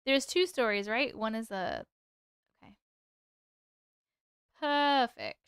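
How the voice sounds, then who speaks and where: High, smooth-voiced woman streamer. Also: animated, slow, a bit bright, dry recording, clean studio sound. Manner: chatty, laughs often, greets viewers by name, swears casually. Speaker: live stream host reading viewer stories. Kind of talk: casual live-stream chat and story reading.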